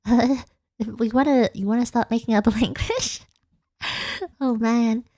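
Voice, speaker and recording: A woman's voice: fairly high pitch, fairly even intonation, measured pace, warm tone, no room sound, clean studio sound. An Australian woman streamer chatting casually late at night, giggling often and rambling in a self-deprecating way.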